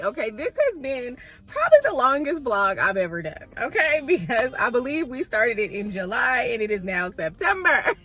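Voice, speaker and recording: A young woman chatting casually to her viewers in a book vlog, expressive and gushing, laughing often as she talks straight to them. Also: fairly high pitch. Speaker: book vlogger.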